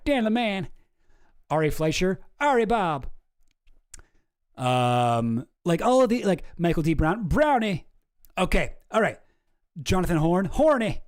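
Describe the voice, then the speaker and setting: Man, casual stream commentary, rambling, thinking aloud, high-pitched. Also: a little mellow. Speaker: streamer host.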